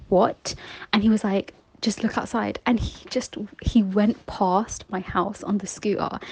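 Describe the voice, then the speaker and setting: A young woman telling an excited personal story, emotional and rambling with lots of "like". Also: mid-range voice, no echo, rough recording. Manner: breathless, rambling, full of "like". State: emotional, overwhelmed.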